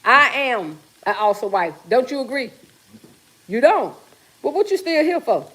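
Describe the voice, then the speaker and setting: Casual kitchen livestream: a woman host with a somewhat high voice chats and teases viewers while she cooks. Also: big pitch swings, normal speed, fairly bright tone, husky. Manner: chatty, teasing, reads viewer comments aloud. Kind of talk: casual chat with live viewers. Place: home kitchen while cooking.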